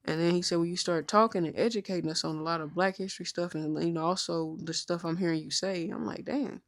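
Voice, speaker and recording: A woman of thirty co-hosting a podcast, telling stories in an outspoken, mostly even-toned casual chat. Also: fairly low pitch, fast. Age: 30s. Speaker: podcast co-host.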